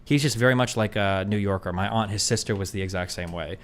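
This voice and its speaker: Fast-talking, low-voiced man chatting. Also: a bit bright. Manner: blunt, profane, rambling with many fillers; reads viewer questions aloud. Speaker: streamer answering chat questions. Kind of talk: casual chat.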